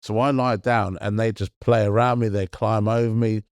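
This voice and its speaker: A middle-aged man in casual chat as a podcast co-host, earnest and halting, often restarting his sentences. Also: on the low side, fairly even intonation, smooth, no echo, clean studio sound.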